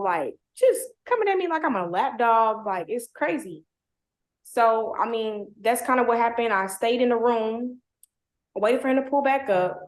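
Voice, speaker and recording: Young woman, casual storyteller, slangy and blunt, lots of "like", higher-pitched, echoey room. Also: expressive, normal speed. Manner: heavy "like" fillers, slangy, blunt. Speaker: guest telling her story. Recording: roomy echo.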